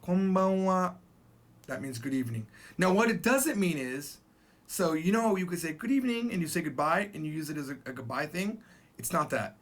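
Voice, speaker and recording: A man in his forties giving a casual spoken language lesson, chatty and emphatic, repeating phrases slowly for practice. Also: fairly high pitch, lively intonation, a bit bright. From Japan. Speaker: language teacher.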